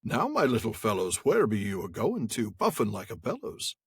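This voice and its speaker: A man voicing a merry old man of the forest, loud and jolly, with hearty, rustic sing-song speech. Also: fairly low pitch, wildly swooping pitch, normal speed, husky, no room sound, studio quality, heavily acted.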